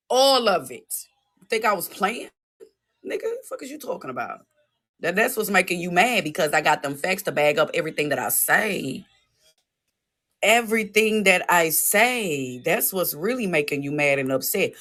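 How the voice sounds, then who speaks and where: A woman's voice: lowish voice, lively intonation, moderate pace, a bit bright. A woman hosting a livestream from her phone, ranting in a profane, taunting, repetitive way. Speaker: livestream host. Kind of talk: heated livestream rant.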